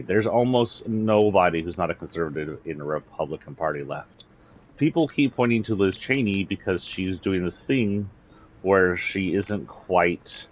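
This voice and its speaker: Deep-voiced Texan man ranting bluntly. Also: dull audio. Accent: slight Southern Texas. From Texas. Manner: blunt and indignant, swears freely. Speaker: political commentator. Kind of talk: livestream political rant.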